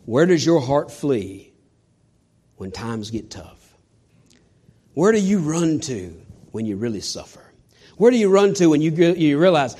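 A man preaching a sermon to his church, swinging from shouts down to hushed near-whispers and firing rhetorical questions at his listeners. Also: a little high, big pitch swings, moderate pace, long pauses, husky. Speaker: pastor.

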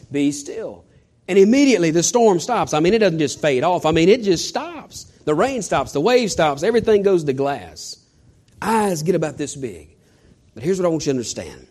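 A man preaching a sermon to his church, swinging from shouts down to hushed near-whispers and firing rhetorical questions at his listeners. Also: on the high side. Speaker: pastor.

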